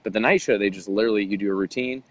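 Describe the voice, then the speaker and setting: Lower-voiced man telling a story animatedly. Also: racing, rough recording. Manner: animated, acts out quoted voices. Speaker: interview guest, bodybuilder. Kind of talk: casual storytelling interview.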